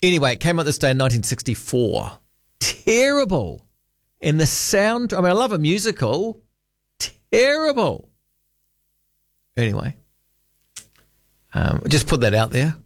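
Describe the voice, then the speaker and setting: A man's voice: fairly high pitch, sing-song, fast talker, hardly any pauses, no room sound, studio quality. A man with a New Zealand accent hosting late-night talkback radio, rambling casually and reading listener texts aloud. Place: radio studio. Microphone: studio microphone.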